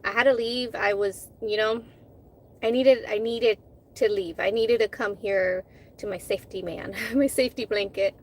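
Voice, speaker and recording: A woman's voice: mid-range voice, steady tone, moderate pace. A woman in her thirties, a food vlogger, chatting casually while eating and telling a heated story candidly, with swearing, restarts and fillers.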